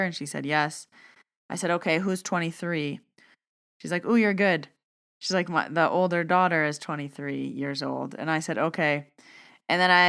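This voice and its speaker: Chatty lady podcaster, lots of "i was like", deep-ish clean voice. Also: fairly bright tone, clean tone. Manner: chatty, retells dialogue with "I was like". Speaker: podcast host recounting a mediumship reading. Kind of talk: casual storytelling monologue.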